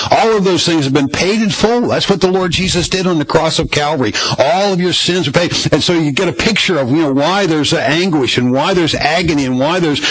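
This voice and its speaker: A man's voice: mid-range voice, rough recording. A man preaching a sermon from the Bible, conversational, with many fillers and repeated phrases. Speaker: pastor.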